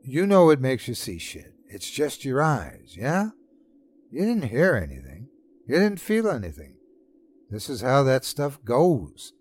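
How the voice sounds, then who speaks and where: A man's voice: mid-range voice, wildly swooping pitch, measured pace, breathy edge, heavily acted. A man doing a laid-back buddy, reassuring. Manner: casual, reassuring, slangy. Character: laid-back, loyal young male best friend.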